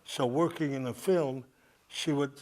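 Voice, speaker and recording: Speaking a little slowly in a slightly mellow, medium-pitched voice, an older guest speaker rambles through a story for a cinema audience, laughing along the way. The clip carries audience crowd noise from the live event.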